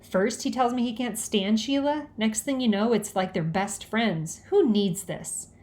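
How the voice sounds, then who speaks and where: Woman, children's book narration, lively, expressive. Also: on the high side, measured pace. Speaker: audiobook reader.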